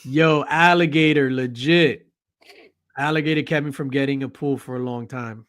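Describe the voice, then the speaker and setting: A man hosting a casual pop culture panel chat, joking and bantering loudly with his guests. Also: mid-range voice, fairly even intonation, normal speed. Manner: joking, loud and playful banter. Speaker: podcast host.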